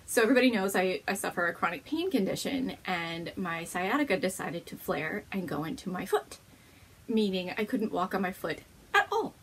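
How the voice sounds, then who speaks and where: A woman's voice: fairly low pitch, animated, normal speed, fairly bright tone, breathy edge. A woman hosting a knitting podcast, chatting casually at home to the camera, bubbly and gushing, laughing often.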